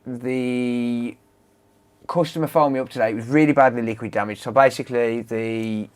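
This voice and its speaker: A man's voice: mid-range voice, fairly even intonation, moderate pace, smooth. A man with a British accent chatting casually on a repair livestream, greeting and thanking viewers by name as he works. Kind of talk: casual live stream chat.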